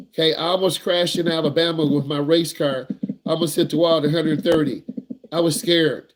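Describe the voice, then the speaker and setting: Guy driving teacher, kinda high voice, real-talk slangy advice, keeps repeating himself. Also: fairly even intonation, normal speed. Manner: blunt, repetitive, slangy advice. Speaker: driving instructor. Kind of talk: casual teaching talk to young drivers.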